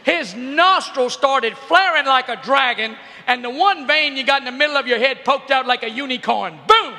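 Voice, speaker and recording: Middle-aged guy cracking up a teen crowd, really high voice, bright and punchy, big arena echo all around. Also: normal speed. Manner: animated storytelling, often shouting. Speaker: youth speaker. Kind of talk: comedic motivational talk to teens. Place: large arena.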